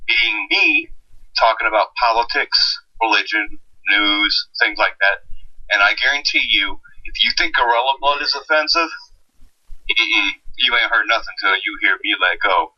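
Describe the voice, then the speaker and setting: Husky, bright-toned man on a distant mic. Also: lowish voice, fairly even intonation, normal speed, dry recording, highs cut off. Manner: profane, emphatic. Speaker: guest co-host. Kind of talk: casual podcast chat.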